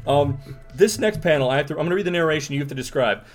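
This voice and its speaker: A man's voice: a little high, lively intonation, very fast, soft background music. Rambling, joking male podcast co-host. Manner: rambling, joking, laughs often. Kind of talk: casual comic book review chat.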